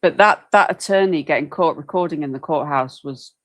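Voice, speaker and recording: A woman's voice: deep voice, brisk, a crowd in the background, poor audio. Chatty woman host, rambling. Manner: chatty, rambling, apologetic asides. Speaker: livestream host commenting on a trial. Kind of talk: casual chat.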